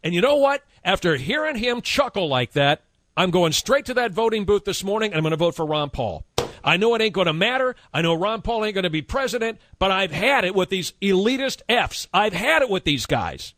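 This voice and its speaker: A man's voice: high voice, very animated, fairly quick, a bit bright. A male radio talk host delivering a heated, indignant on-air rant, hammering his points with repetition. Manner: indignant, impassioned, emphatic repetition.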